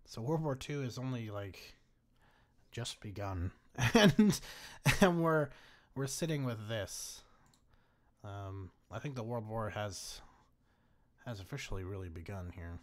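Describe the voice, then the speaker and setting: A man's voice: fairly low pitch, expressive, slow pace, pauses often. A young man giving casual strategy-game commentary, laughing often and swearing freely. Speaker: gaming commentator.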